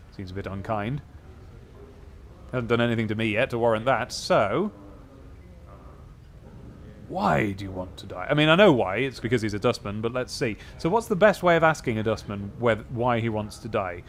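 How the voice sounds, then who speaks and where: A man's voice: on the low side, animated, fairly quick, slight background noise. A man playing a role-playing game, reading its text aloud and thinking through his choices in a casual, musing way. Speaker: let's play host.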